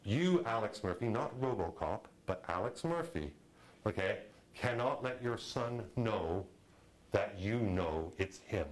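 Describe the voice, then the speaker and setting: Middle-aged male instructor, lowish voice, animated and conversational lecture style. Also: a little slow, low-quality recording. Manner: animated, conversational, acts out quotes. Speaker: film directing instructor. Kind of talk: lecture to a class.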